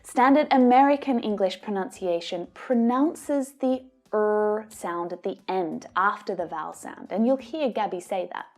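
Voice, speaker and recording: Slow Australian woman teaching pronunciation. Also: mid-range voice, a little mellow, faint music behind. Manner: slow, careful modelling of sounds. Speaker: English teacher. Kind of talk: pronunciation lesson.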